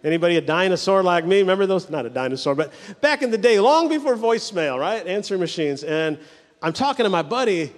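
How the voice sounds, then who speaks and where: A man's voice: high voice, animated. Man preaching in a reverberant hall. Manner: storytelling with quick mimicry. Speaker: pastor. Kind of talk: sermon.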